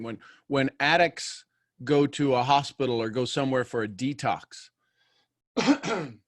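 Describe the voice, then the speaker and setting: A man's voice: mid-range voice, a bit bright, no room sound, studio quality. A man hosting a motivational coaching talk, speaking earnestly and encouragingly to his guest. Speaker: life coach host.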